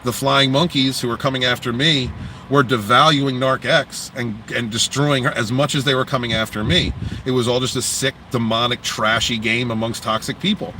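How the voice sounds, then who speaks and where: A man hosting a casual livestream, talking bluntly and profanely in an animated rant, outdoors near traffic. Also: mid-range voice, normal speed. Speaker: livestream host.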